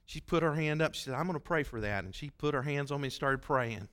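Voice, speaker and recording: A man's voice: a little high, fast talker, a bit bright, clean tone. A man preaching as a pastor, telling a story in a folksy, conversational way and acting out the voices he quotes. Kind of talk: sermon storytelling.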